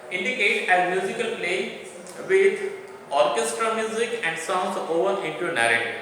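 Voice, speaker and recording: A man's voice: high voice, normal speed, sharp tone, slight background noise. A man lecturing a college class on literary terms. He reads each definition aloud and then explains it again in simple words. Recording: distant echoey hall recording.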